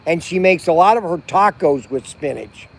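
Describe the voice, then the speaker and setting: A middle-aged man with a notably high voice chats at a campfire at night in a loose, rambling way. He keeps restarting his sentences and reaching for words as he talks on a livestream. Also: animated, moderate pace, creaky. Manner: rambling, chatty, many restarts and fillers. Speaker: vlog host. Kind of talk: casual livestream chat. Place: outdoors at a campground by a fire at night.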